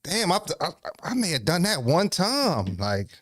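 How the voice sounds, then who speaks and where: A man's voice: a little high, huge pitch swings, a little slow, no room sound, clean studio sound. A man hosting a casual livestream, out of breath, talking in a loose, profane, rambling way with lots of restarts. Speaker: livestream host.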